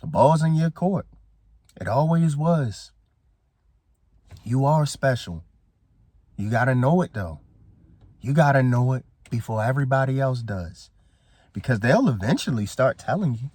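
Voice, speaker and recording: A man's voice: medium pitch, animated, a little slow, long pauses, a little mellow, slightly rough, dry recording. A man giving a casual motivational talk as a coach, emphatic and preachy, who repeats his phrases for effect. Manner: casual, slangy speech. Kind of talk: motivational speech to camera.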